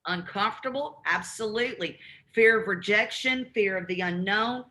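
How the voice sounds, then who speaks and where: Running a live real estate training call, a woman with a Southern accent animatedly plays both sides of cold calls. She speaks at normal speed with a medium pitch.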